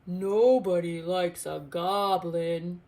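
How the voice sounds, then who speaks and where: A woman voicing a big male hill troll in a storybook, speaking loudly and slowly. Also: lowish voice, steady tone. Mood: warning.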